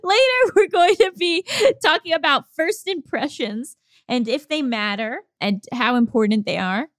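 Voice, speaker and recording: A woman co-hosting a podcast, chatting casually and reading listener letters, giggly and animated. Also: sits high, normal speed, no echo, studio quality. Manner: giggly, animated, laughs often. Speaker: podcast co-host.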